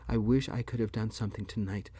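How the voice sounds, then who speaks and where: A man reading an upset mother who shouts at her husband as she leaves him, with a deep, dark voice. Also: steady tone, fast talker, husky, no room sound. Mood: tender. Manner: shouting, pleading.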